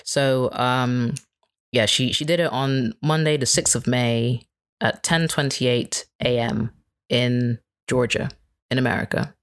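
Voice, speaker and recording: A woman's voice: very deep voice, fairly even intonation, slow pace, clean tone. A woman speaking as an interview guest in casual chat, candid and rambling, often restarting her sentences.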